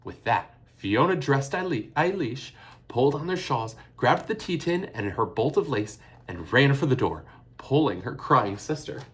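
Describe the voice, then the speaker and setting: A man reading a children's story aloud expressively, hushing in tense moments. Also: mid-range voice, unhurried. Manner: expressive, hushed in tense passages. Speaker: narrator.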